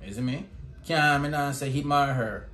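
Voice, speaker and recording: A man's voice: medium pitch, normal speed, a bit bright, a little hiss or hum. A Jamaican man chatting casually as a family vlogger, talking to viewers at home and often checking in with a repeated "you see me?". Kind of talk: casual vlog chat. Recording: echoey room with music behind.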